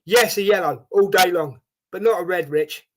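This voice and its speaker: A man hosting a live football watchalong, reacting with animated exasperation and calling everyone "mate". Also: high voice, moderate pace. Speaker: watchalong host.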